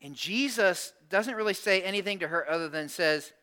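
Guy preaching, high bright voice, acts out the story like he's chatting. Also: lively intonation, normal speed, few pauses. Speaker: pastor. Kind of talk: sermon.

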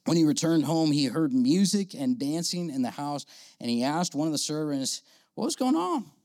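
A man preaching a sermon to a live audience. He talks in a casual, animated way and acts out the people in the story he is telling. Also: fairly high pitch, moderate pace, dry recording. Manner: conversational, animated, acts out quoted characters. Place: church auditorium with audience.

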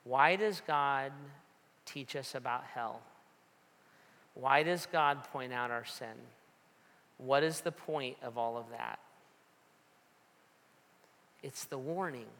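A man's voice: mid-range voice, slow pace, pauses often, a bit bright, long reverb tail. A man preaching a sermon, talking like a conversation, telling stories and asking repeated rhetorical questions. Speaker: pastor.

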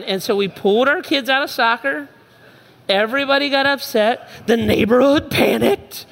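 Animated high-voiced preacher telling stories. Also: male voice, moderate pace, big-room sound. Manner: storytelling with acted-out voices of his kids; preacher's swings from shouting to soft and low. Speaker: pastor. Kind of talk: sermon.

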